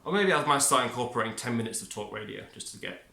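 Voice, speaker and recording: A man's voice: medium pitch, expressive, fast talker, vocal fry, sharp tone. A man giving a rambling, upbeat self-help monologue, often cutting himself off mid-word. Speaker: vlogger. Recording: echoey room.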